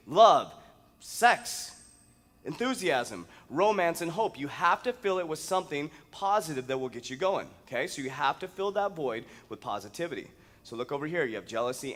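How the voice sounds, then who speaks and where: A man coaching fitness who gives an energetic, emphatic motivational talk, drawing out single words and breaking into sudden loud outbursts. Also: medium pitch. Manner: drawn-out, playful stresses on single words.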